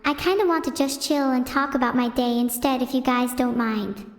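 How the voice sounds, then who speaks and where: A synthetic female voice doing deadpan stand-up comedy on a stream, chatting with viewers. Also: high voice, moderate pace. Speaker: AI streamer host. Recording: roomy reverberant sound.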